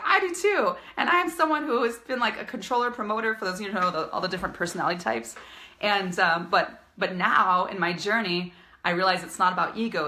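A woman's voice: medium pitch, sharp tone. A woman business coach giving an upbeat, emphatic live-streamed coaching talk, repeating her key phrases.

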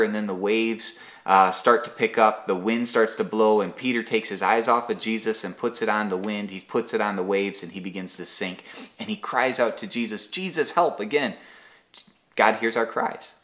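Leading an online Bible study, a man whose voice is on the low side and a bit bright teaches in a casual devotional way. He tends to restart by repeating a word and draws on everyday examples.

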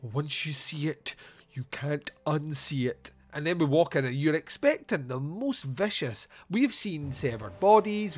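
A man hosting a podcast who reviews a film in a casual, joking and profane way. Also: a little high. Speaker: podcast host.

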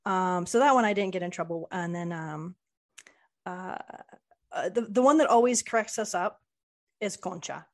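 A woman's voice: on the low side, normal speed. A woman author chats as a podcast guest in a loose, easygoing way. She often hesitates with ums and uhs as she finds her words. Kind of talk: casual interview chat.

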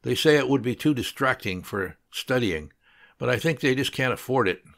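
A man's voice: mid-range voice, lively intonation, normal speed, vocal fry, fairly bright tone. A man reading a grumbling young repairman. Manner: complaining. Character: grumbling young male student, self-taught repairman.

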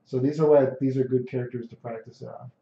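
A man's voice: mid-range voice, steady tone, fast, creaky, warm tone. A man streaming a fighting game, commentating in a brash, boastful, profane way. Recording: echoey room, dull lo-fi mic.

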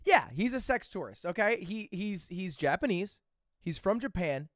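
A man with a slightly high voice that swings widely up and down, spinning a loose, profane story for his live chat. He keeps stopping to check in with quick asides before charging on, and the sound is close and dry with no room around it. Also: no room sound. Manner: animated, rambling anecdotes with frequent "okay?" and "right?" check-ins; casual and profane. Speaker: livestreamer.

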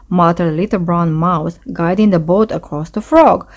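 A woman reading a bedtime story aloud as storyteller, in a gentle, expressive way. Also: on the low side, normal speed.

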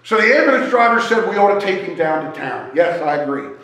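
A man telling a joking, animated story as a sermon at a church service. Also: high voice, quick pace. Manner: animated, joking storyteller who wanders while talking. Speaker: guest speaker at a church service. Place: church sanctuary. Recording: echoey church hall.

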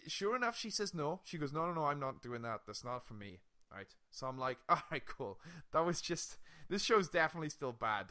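A young man co-hosting a casual podcast, retelling a TV episode with lively swearing and frequent laughs. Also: on the high side, moderate pace, hardly any pauses. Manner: animated storytelling, swearing, laughing often. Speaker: podcast co-host. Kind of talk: casual chat.

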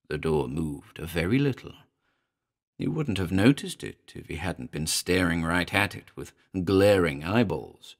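A man narrating a horror story slowly and deliberately, with dramatic pauses. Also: sits low, vocal fry.

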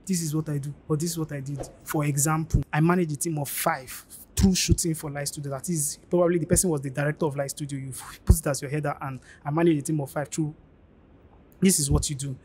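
A man's voice: fairly high pitch, a little mellow, husky. A man giving informal career advice, emphatic and pleading, repeating his key points. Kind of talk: informal teaching monologue.

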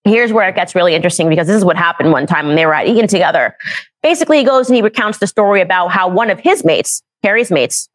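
A woman commentator sarcastically retelling and mocking a story from a book. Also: fairly low pitch. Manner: sarcastic storytelling, laughs at the subject. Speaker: political commentator.

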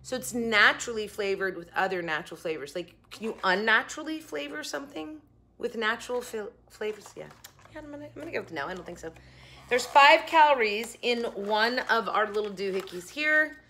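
Chatty young woman, food vlogger at home, slightly high and bright, rambling asides. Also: expressive, brisk. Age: young adult. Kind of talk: casual chat. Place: home kitchen.

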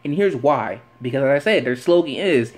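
A man's voice: mid-range voice, normal speed. A man giving an opinionated sports commentary rant, firing off rhetorical questions and repeating phrases for emphasis. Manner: animated, fires off rhetorical questions. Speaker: sports vlogger.

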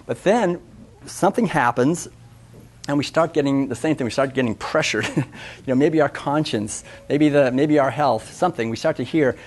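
A man giving an animated, conversational public talk at a festival, often acting out voices. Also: mid-range voice, moderate pace. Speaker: speaker.

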